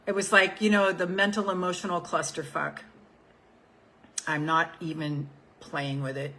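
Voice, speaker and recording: A woman's voice: medium pitch, animated, normal speed, sharp tone, poor audio. A woman in her seventies, a life coach, talking casually on a group call and reading affirmation cards, frank and given to repeating her points. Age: 70s. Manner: frank, swears freely, repeats phrases for emphasis.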